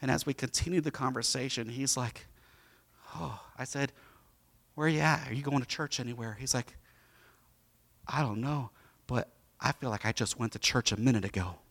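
A man preaching a sermon, moving between quiet storytelling and loud, impassioned preaching. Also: mid-range voice, normal speed, gravelly, pauses often. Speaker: pastor.

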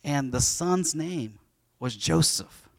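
A man's voice: on the high side, animated, slow, gravelly, no room sound, clean studio sound. A man in his forties, a pastor giving a sermon in a casual storytelling way, acting out the voices.

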